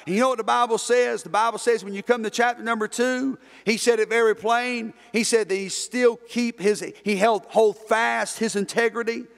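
A pastor preaches with a high, ringing male voice. He repeats key phrases and pulls the congregation in with call-and-response. His voice carries a long echo through the church sanctuary. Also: fairly even intonation, moderate pace, creaky, few pauses, fairly bright tone. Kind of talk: sermon. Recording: long reverb in a church hall.

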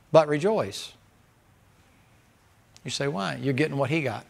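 A man's voice: a little high, animated, slow, gravelly. Folksy preacher man. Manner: folksy, preacherly, swings between loud and hushed. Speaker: pastor. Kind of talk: sermon.

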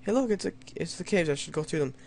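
A man's voice: on the high side, lively intonation, fast, a little mellow, slight background noise. A young man doing let's play commentary, reading story lines in a mock-dramatic tone and joking wryly at himself. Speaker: gamer playing an adventure map.

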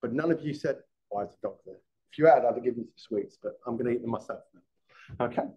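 A man's voice: medium pitch, quick pace, lo-fi sound, a little hiss or hum. A middle-aged man, a former police detective, giving a live classroom lecture, often restarting words and checking in with the class. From England.

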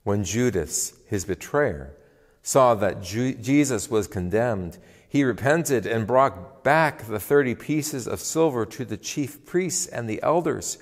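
A man reading scripture in a worship service, expressive and deliberate. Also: mid-range voice, in a large hall. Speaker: lay reader. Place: church.

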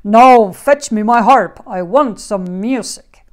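A woman voicing a huge, bad-tempered giant man in a storybook, bellowing slowly and loudly. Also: medium pitch, lightly acted. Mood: booming. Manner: bellowing, slow and loud.

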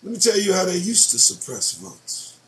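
Male solo host, high and expressive voice, profane and sarcastic running commentary on news items. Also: moderate pace. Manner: profane, sarcastic and animated, reacting to headlines. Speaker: show host.

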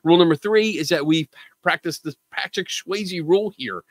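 A man's voice: a little high, brisk, no room sound. A man hosting a live call-in show, chatting casually in a joking, self-deprecating way. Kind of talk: casual livestream chat.

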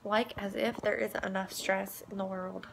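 A woman in her thirties talks softly into her phone camera in a home kitchen, tearful and hushed so she won't wake her sleeping child. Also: medium pitch, level tone, normal speed, vocal fry, heavy background noise. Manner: soft, hushed to avoid waking a child. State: tearful, close to crying. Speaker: vlogger, mother. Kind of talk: casual vlog.

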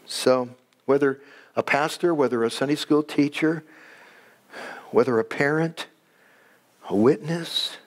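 A man, a pastor, preaching a sermon in a church. He talks with animation, climbing high when excited, and drops soft, slow and low when he prays.

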